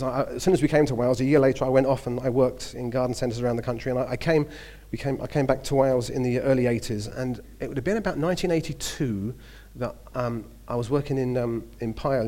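Cockney preacher in his fifties, mid-pitched, chatty and storytelling, trips over his words. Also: mellow. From southeast London. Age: 50s. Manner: chatty storytelling with hesitations and restarts. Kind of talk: sermon.

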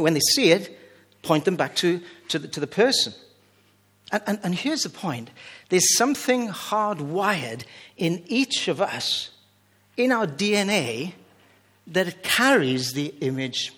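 A man's voice: high voice, husky. Man preaching in a reverberant hall. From Wales. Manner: warm, conversational with scripture readings, jokey asides. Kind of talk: sermon.

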